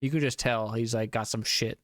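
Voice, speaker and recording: A man's voice: medium pitch, fairly even intonation, brisk, fairly bright tone, no echo. Young guy on stream kinda tipsy, rambly and sweary, laughs a lot, dry close sound. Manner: rambling and profane, with frequent laughs. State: a little tipsy from drinking. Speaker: streamer reviewing movies. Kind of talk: casual live-stream chat.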